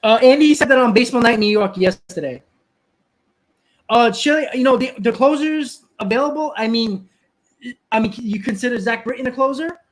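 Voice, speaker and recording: A man's voice: extremely high pitch, moderate pace. A man hosting a live stream, ranting casually, often repeating and restarting words and answering viewers in the chat.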